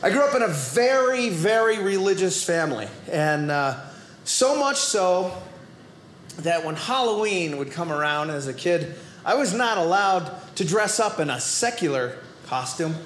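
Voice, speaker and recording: Boston guy doing standup, real high voice, kinda echoey club room, faint hum behind. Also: unhurried. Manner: animated, playful delivery with shouted asides and sudden quiet drops. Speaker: stand-up comedian. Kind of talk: stand-up comedy routine. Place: comedy club stage before a live audience. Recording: roomy live stage recording.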